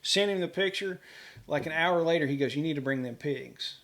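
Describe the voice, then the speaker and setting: A middle-aged man, telling animated stories about his homestead and acting out the people in them. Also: a little high, brisk. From Kentucky, US. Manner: animated, quotes people in dialogue, laughs often. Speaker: homesteader guest. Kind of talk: casual storytelling.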